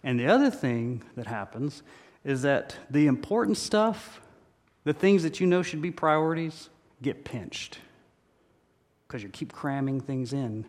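A pastor delivering a sermon in a church, emphatic and repetitive, with humorous stories. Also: male voice, medium pitch, lively intonation, unhurried, darkish tone. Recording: reverberant hall.

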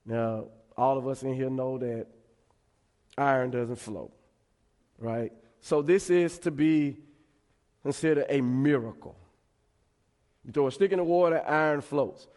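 A man's voice: medium pitch, unhurried, pauses often, a little mellow. Man, pastor, conversational sermon, repeats himself, long church reverb. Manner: conversational preaching with repetitions and asides. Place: church sanctuary.

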